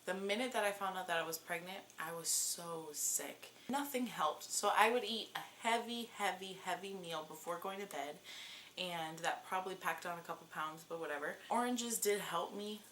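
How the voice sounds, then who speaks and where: A woman's voice: on the low side, normal speed, fairly bright tone, a little hiss or hum. A woman in her twenties telling a personal story in a casual, chatty vlog, with many fillers. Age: 20s. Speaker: vlogger.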